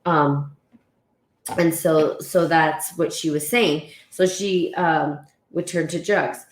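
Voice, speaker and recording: A woman's voice: low voice, fairly even intonation, slow. A woman hosting a live stream, talking reflectively and reassuringly with frequent fillers, reading passages aloud and greeting viewers. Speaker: podcast host. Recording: echoey room.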